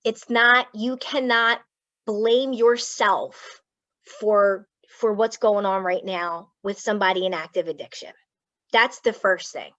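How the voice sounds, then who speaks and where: A woman's voice: mid-range voice, steady tone, takes it slowly, a bit bright, no room sound. A woman from Philadelphia, a clinical psychologist speaking as a guest, telling personal stories bluntly and swearing freely over a video call. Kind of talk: candid personal storytelling to an audience. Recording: dull, dry lo-fi sound.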